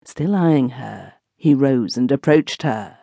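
A woman narrating an audiobook in a measured, expressive storytelling manner. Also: a bass voice, creaky, breathy edge, no echo. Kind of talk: scripted narration.

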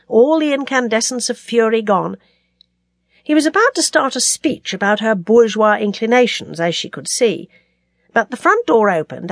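A woman narrating a novel as an audiobook, telling it in an expressive, dramatic way. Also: a little high, dry recording, clean studio sound.

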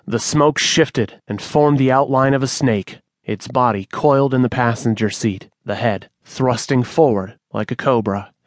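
A man reading an audiobook aloud, telling a suspenseful story in a measured way on a close studio mic. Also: mid-range voice, no echo. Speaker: audiobook narrator. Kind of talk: scripted audiobook narration.

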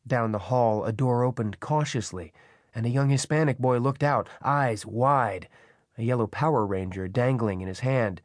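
A male audiobook narrator with a mid-pitched voice telling a thriller in a tense, dramatic read. The sound is dry and close, with no room around him. He keeps a steady, gripping pull through the action. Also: normal speed, dry recording. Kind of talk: scripted narration. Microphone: close studio mic.

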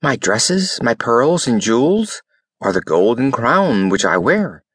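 A man's voice: mid-range voice, big pitch swings, slow, a bit bright, slightly rough, no echo, clean studio sound, full character voice. A man voicing a spoiled young princess in an eager, pleading way.

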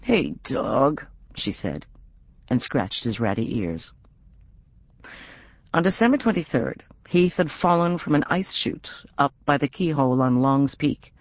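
A middle-aged woman narrating an audiobook in an expressive, wry reading. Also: extremely low pitch, a little slow, long pauses, dry recording, muffled recording. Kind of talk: scripted narration.

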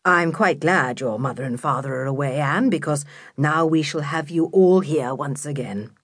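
A woman's voice: deep voice, moderate pace, breathy edge, no room sound. A woman doing stern, humourless Uncle Quentin. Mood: stiff welcome. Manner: dry, stiff, humourless.

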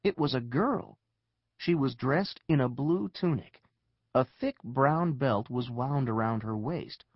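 Male narrator, children's storybook, expressive, lively intonation, dry studio sound. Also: mid-range voice, slow, dry recording, dull audio. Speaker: audiobook narrator.

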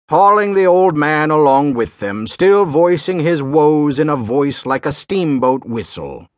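A man narrating an audiobook in the first person, in a folksy drawl with rough sailor dialect. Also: medium pitch, dry recording, clean studio sound.

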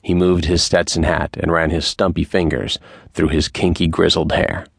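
Male audiobook narrator: very low, slow and measured, dry close sound. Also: little pitch movement, gravelly, slightly rough, no room sound. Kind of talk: scripted narration.

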